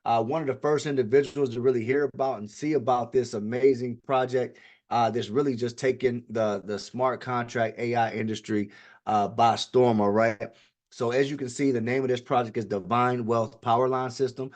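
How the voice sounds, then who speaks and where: Fast-talking man giving a hype sales pitch. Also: fairly even intonation. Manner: repeats "ladies and gentlemen" and "all right". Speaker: webinar presenter. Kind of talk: live online sales pitch.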